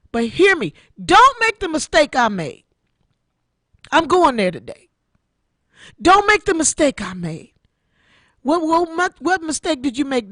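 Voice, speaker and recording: Lady in her 60s hosting a radio stream, fairly high voice, emotional, preachy repeats. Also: a bit bright, no room sound, clean studio sound. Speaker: internet radio show host. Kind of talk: heartfelt personal testimony.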